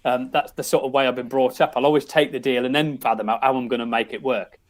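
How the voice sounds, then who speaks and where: Middle-aged English man, podcast guest, chatty and rambling, mid pitch. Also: steady tone, quick pace. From England. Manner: rambling, many restarts and "you know"s. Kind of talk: casual storytelling.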